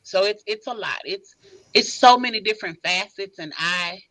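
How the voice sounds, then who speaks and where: A woman guest on a podcast, giving emphatic, animated advice in casual chat. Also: medium pitch, normal speed, rough recording.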